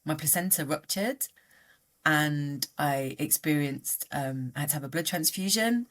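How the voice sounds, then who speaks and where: Casting: middle-aged woman, low voice, lively delivery, open podcast guest. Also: a little slow. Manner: animated, voice jumping up and down in pitch. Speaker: guest coach. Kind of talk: candid podcast conversation.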